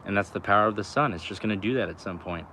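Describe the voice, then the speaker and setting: A young man with a lowish voice muses on life and spirituality, talking loosely and swearing freely. He drifts through slang and filler as he goes. A faint outdoor noise hums behind him. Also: rapid-fire, bright, forceful tone. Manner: loose and slangy, heavy on "you know" and "like", swears often. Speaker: vlogger. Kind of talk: rambling spiritual musing to camera.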